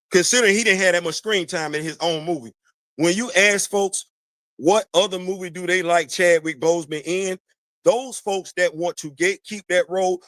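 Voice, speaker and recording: Animated high-voiced man riffing. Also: no room sound, clean studio sound. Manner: animated, preachy, repeats phrases, talks to chat. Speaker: podcast host. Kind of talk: casual commentary monologue.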